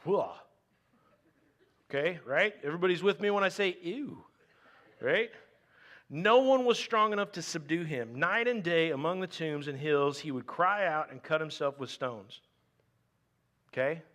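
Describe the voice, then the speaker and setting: A pastor with a bright, somewhat high voice reads scripture to his congregation, then slips into animated, joking asides. His conversational sermon moves at a measured pace with frequent pauses.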